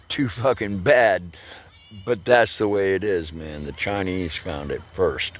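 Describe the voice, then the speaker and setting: A man, rambling through a profane, loose vlog monologue that swings between loud bursts and low mutters. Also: a little hiss or hum. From United States. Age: 60s. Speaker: vlogger.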